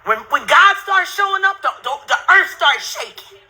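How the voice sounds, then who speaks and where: Middle-aged woman host, heated cursing rant, very high voice, cutting edge to it. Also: animated, moderate pace, pushed and bright. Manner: heated, cursing, repetitive, counts aloud sarcastically. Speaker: channel host ranting to viewers. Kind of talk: angry profane rant while browsing videos on screen.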